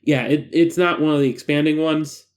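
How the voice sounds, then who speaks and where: A man's voice: a little high, steady tone, moderate pace. A man hosting a reading of a horror file, mixing narration with chatty, self-deprecating asides. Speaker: host reading stories aloud.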